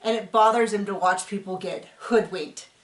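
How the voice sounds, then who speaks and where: A woman's voice: medium pitch, steady tone, normal speed. Chatty woman recapping in a roomy home room. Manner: chatty, rambling, self-correcting. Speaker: host recapping a reality show. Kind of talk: casual chat. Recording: roomy echo.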